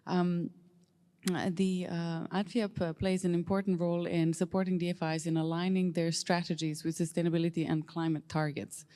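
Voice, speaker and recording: Female moderator; lowish, warm voice, polite and a bit hesitant. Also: little pitch movement, normal speed. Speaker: panel moderator. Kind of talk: moderating a conference panel.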